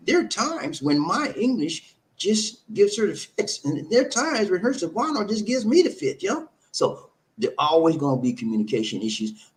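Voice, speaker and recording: A man's voice: mid-range voice, low-quality recording. A man living abroad, talking casually to viewers, emphatic and repetitive, often checking in with "okay?" and "huh?". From from abroad, living in the Philippines. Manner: emphatic, repeats words, asks "okay?" and "huh?". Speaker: vlogger addressing viewers. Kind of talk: casual talking-to-camera advice.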